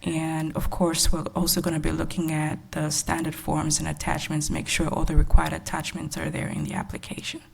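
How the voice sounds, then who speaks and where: Low, gravelly-voiced woman presenting. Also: completely flat delivery. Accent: Texan. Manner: soft-spoken and measured, with frequent fillers. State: short of breath. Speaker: grants evaluation staff presenter. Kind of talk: presenting at a public workshop.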